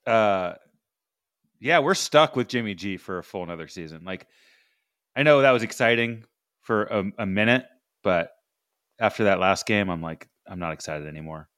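A man's voice: on the low side, expressive, normal speed, pauses often, a bit bright, no room sound, clean studio sound. A man hosting a comedy sports podcast, steering the show in a laid-back, wry manner. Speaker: podcast host.

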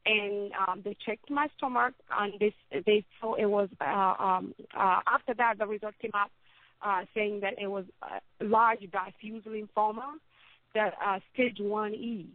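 A woman telling her own story as an interview guest, halting and often repeating words as she speaks. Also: mid-range voice, fairly even intonation, no room sound. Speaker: interview guest, cancer survivor. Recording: tinny phone-like line, dry.

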